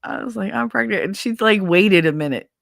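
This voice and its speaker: A woman's voice: medium pitch, fairly quick, dry recording, studio quality. A middle-aged woman hosting a casual livestream, telling a story with laughter, swearing and acted-out quotes. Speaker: livestream host. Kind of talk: casual storytelling chat with viewers.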